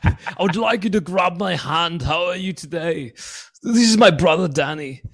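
Man putting on a action-star voice, mock English accent, clipped catchphrases, raised pitch, gravelly. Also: lively intonation, moderate pace, a bit bright. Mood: hammy.

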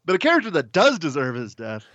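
A man's voice: on the high side, wildly swooping pitch, fast talker, a bit bright, no echo, lo-fi sound. A man co-hosting a casual movie podcast, bantering and laughing often. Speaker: podcast co-host. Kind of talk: casual movie review chat.

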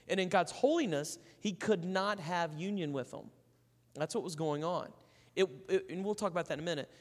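A man's voice: high voice, fairly quick, long reverb tail. A man preaching a sermon in a conversational way, telling stories and acting out the people in them. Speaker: pastor.

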